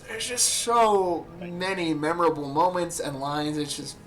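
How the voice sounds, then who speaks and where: Excitable man gushing about a film. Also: on the high side, normal speed, a little hiss or hum. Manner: enthusiastic, quotes film lines in little voices. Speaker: podcast host. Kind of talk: casual film discussion.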